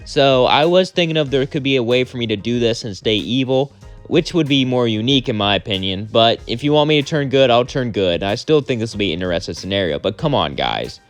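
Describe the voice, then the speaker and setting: A man's voice: medium pitch, lively intonation, quick pace, faint music behind. Chatty young man narrating a fan story. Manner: casual, chatty, often quiet.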